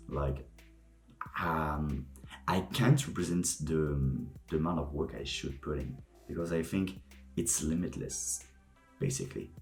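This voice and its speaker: A young vlogger with a very deep, darkish voice thinks out loud on camera, rambling and often groping for words. The recording has an echoey room sound and faint background music.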